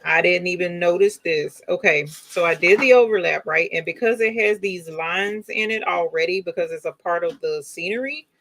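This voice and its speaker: A woman hosts a crafting livestream, gushing to her viewers and calling them y'all in casual live demo chat. Her voice sits on the low side with a fairly bright tone.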